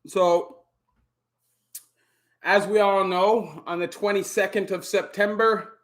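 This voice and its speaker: A middle-aged Canadian man with a Canadian accent hosting a relaxed live Q&A stream, greeting viewers by name and filling gaps with "you know". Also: high voice, slow. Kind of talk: casual live-stream chat. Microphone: camera on a stand.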